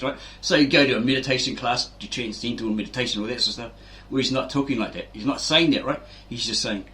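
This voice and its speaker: Over some background noise, a man with a mid-range voice talks fast with few pauses, rambling casually as the host of a fitness channel. He acts out quotes and keeps tagging on "right?"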